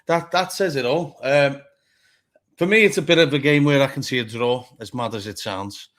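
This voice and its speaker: A man's voice: mid-range voice, moderate pace, a bit bright. A man on a football fan panel, talking bluntly, swearing a lot and getting heated. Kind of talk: casual fan chat.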